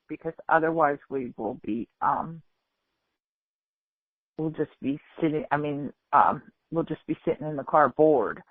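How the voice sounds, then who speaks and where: A man hosting a radio talk show, speaking hesitantly with many pauses and restarts in casual chat. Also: a little high, no echo. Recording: tinny phone-like radio line.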